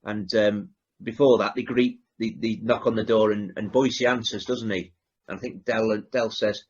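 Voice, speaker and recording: A man's voice: fairly low pitch, steady tone, normal speed, husky, dull audio. A man hosting a podcast, chatting casually as he retells favourite comedy scenes, with fillers and self-corrections. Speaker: podcast host.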